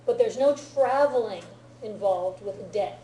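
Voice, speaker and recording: A woman's voice: medium pitch, unhurried, dark tone, echoey room, rough recording. A woman teaching a grammar lesson to a class, patiently explaining and often checking whether everyone understands. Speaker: Japanese teacher.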